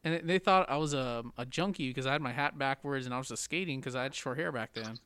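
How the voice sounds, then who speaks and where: A man's voice: mid-range voice, fast, pushed and bright, clear, resonant tone, no echo. A young man who is a podcast guest, telling laid-back joking anecdotes in a casual chat.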